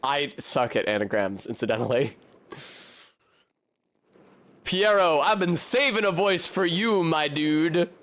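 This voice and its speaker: A man's voice: on the high side, expressive, slow pace, pauses often, a bit bright. A man casually commenting on a game he plays, chatty with joking asides. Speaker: streamer. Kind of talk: casual let's-play commentary.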